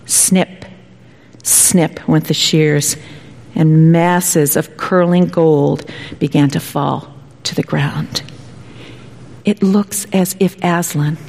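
Woman preaching in a reverberant hall. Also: fairly low pitch. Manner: dramatic storytelling, dropping at times to a hushed whisper. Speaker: pastor. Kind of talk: sermon.

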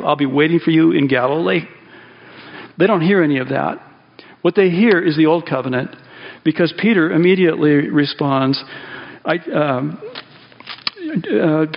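Gravelly-voiced pastor preaching in a hall. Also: male voice, fairly high pitch, moderate pace. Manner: conversational, animated, with frequent fillers and restarts. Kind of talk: sermon. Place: church sanctuary. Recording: dull lo-fi sound in a reverberant hall.

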